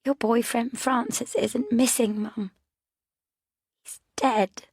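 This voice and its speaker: A woman's voice: a little high, fairly even intonation, slow pace, a little mellow, breathy edge, pitched above the performer's own voice, exaggerated voice. A woman reading an audiobook, voicing a frightened teenage girl who half whispers through tears. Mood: tearful.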